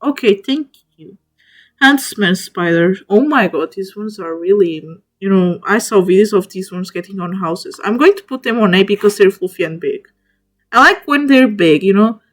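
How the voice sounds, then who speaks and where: A woman's voice: medium pitch, animated, normal speed. A woman streamer chatting casually to viewers, gushing over each animal she ranks and talking to them directly, often stopping and restarting mid-word. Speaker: streamer ranking spiders in a tier list.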